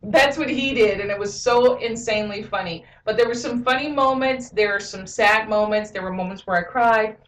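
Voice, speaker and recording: A woman's voice: medium pitch, normal speed, few pauses. A woman giving a casual movie review and retelling scenes with lots of "you know" fillers. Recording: roomy echo, mic at a distance.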